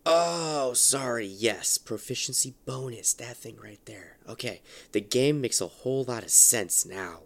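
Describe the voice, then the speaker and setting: A man's voice: mid-range voice, animated, measured pace, hardly any pauses. Joking man playing a tabletop game. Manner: joking, unsure of the rules. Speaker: player. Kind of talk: casual tabletop game play.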